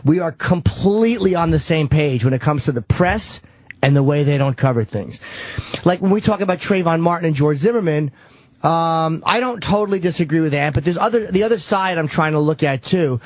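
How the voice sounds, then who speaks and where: A man's voice: fairly high pitch, expressive, fairly quick, no echo. A man hosting a radio show, talking casually and profanely, often restarting his sentences. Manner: rambling, self-correcting, profane. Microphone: studio microphone.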